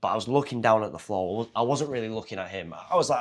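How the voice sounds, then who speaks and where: Lower-pitched man telling a story. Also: quick pace, few pauses. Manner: animated retelling, acting out quoted people. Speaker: martial arts fighter and confidence coach. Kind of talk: casual storytelling to camera.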